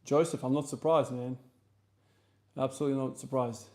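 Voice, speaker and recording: A streamer and lifter from South Australia talks with viewers between gym sets, answering chat casually and wandering off on tangents in an easy manner. He has an Australian accent, a medium pitch, and a moderate pace.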